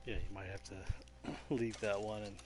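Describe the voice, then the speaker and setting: A man chatting casually with friends while gaming, speaking slowly. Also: on the low side, steady tone, over music.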